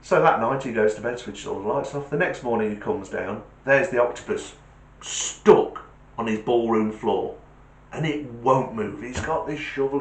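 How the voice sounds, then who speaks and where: A man hosting his channel, telling a joke as a chatty, animated storyteller. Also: medium pitch, reverberant, rough recording. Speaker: channel host.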